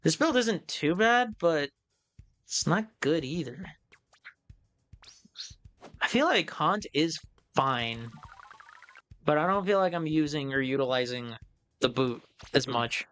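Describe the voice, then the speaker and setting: Bright-voiced man streaming and thinking aloud. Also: on the high side, lively intonation, takes it slowly, long pauses, soft background music. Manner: chatty, thinking aloud, self-amused. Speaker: game streamer. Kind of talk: casual live-stream commentary.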